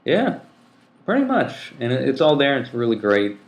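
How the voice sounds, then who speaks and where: A man's voice: mid-range voice, huge pitch swings, moderate pace. A man hosting a casual podcast chat, rambling with lots of ums and restarts, recorded in a room at a community TV station. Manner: rambling, many ums and restarts, laughs easily. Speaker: public access TV coordinator and podcast host. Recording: roomy echo.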